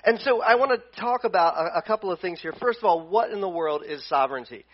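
A male pastor preaching a conversational sermon at a church service, animated and full of restarts. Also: high-pitched, quick pace, highs cut off.

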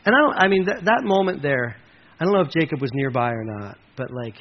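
A man's voice: a little high, expressive, a little fast. A man preaching a sermon in a conversational way, with jokey asides to his listeners. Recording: slightly muffled with faint hiss.

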